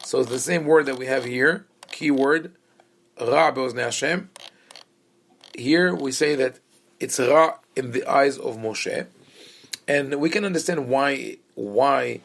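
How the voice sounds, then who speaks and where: A man gives a relaxed Bible class as a rabbi, his voice gravelly at a middling pitch. He thinks aloud, pausing often on fillers, and drops wry asides to the small group in front of him. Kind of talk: conversational Bible class lecture.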